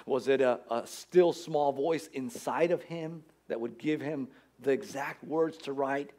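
A man's voice: mid-range voice, a little slow, mellow. A man preaching a Sunday sermon as pastor, earnest and conversational, building emphasis as he goes. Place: church.

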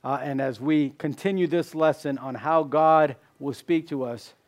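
A man preaching a sermon, asking rhetorical questions, repeating key phrases, and dropping from loud emphasis to hushed tones. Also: a little high, measured pace. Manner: swings between loud emphasis and hushed drops.

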